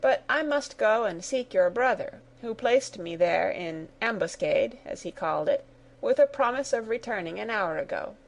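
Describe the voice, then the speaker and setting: A woman voicing a polite, earnest young gentleman in a read-aloud story. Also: mid-range voice, lively intonation, normal speed, close to an everyday voice. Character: gallant young man, proud and warm.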